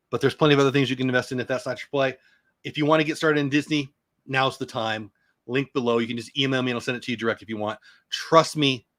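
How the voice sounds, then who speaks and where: A middle-aged man hosting a chatty morning show in an average-pitched voice. He rattles through long menu lists and keeps making fun of his own pronunciation. The sound is dry and close, with no room echo. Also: fairly bright tone. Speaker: show host. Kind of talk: casual morning news chat.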